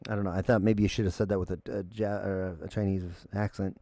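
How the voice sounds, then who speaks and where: A man's voice: low voice, flat delivery, quick pace, few pauses, mellow, no echo, clean studio sound. A man hosting a call-in livestream, ranting heatedly with profanity and reading viewer chat aloud.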